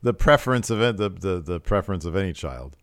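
A man's voice: sits low, animated, fast, no room sound. A man co-hosting a casual wrestling chat show, laid-back, laughing easily and reading out fan questions. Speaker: podcast co-host.

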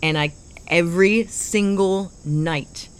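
A woman's voice: on the low side, takes it slowly, clear, resonant tone. A woman in casual chat, playful and self-conscious, tripping over certain words.

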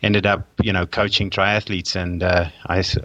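A man from South Africa with a South African accent, a coach interviewed as a guest, relaxed and self-deprecating. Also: low-pitched, moderate pace, no room sound, muffled recording.

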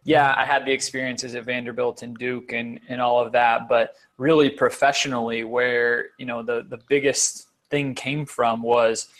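A man's voice: medium pitch, flat delivery, normal speed, few pauses, fairly bright tone. A man being interviewed as a guest on a podcast, a motivational speaker who talks earnestly and repeats words for emphasis.

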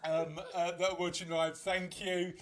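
A man's voice: sits high, level tone, measured pace, slight background noise. A man hosting a podcast in a casual, rambling chat full of fillers and restarts. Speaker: podcast host.

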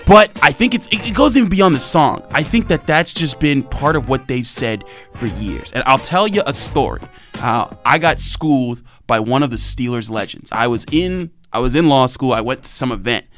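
Animated man telling sports stories. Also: medium pitch, normal speed, faint music behind. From Pittsburgh. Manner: animated storyteller. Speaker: sports radio co-host. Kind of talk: casual sports talk.

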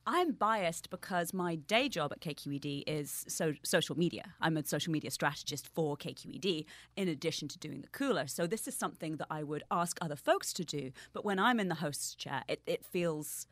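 A woman's voice: sits low, expressive, brisk, hardly any pauses, no echo. A British woman guesting on a podcast in a studio, wry and self-deprecating. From Britain. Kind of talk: casual interview chat.

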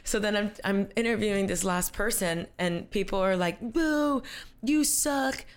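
A woman's voice: medium pitch, fairly even intonation, moderate pace, smooth. A young woman telling a story as an interview guest, acting out quotes and laughing often. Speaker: guest, content creator.

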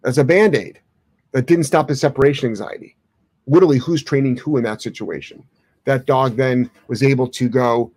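Brief: man, dog trainer, casual swearing, dry close-mic, average pitch. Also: animated, brisk, a little mellow, husky, no room sound. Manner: blunt, opinionated, swears casually. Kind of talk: live Q&A answering viewer questions.

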